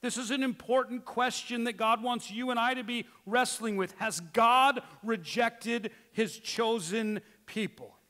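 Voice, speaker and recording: A male pastor preaching a sermon, emphatic with rhetorical questions, moving between quiet asides and loud exclamations, in a church sanctuary. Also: extremely high pitch, a little slow, few pauses, in a large hall.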